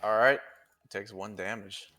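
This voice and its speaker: Bright-voiced male game master. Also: fairly low pitch, normal speed. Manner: lively, profane narration. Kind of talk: narrating a tabletop game.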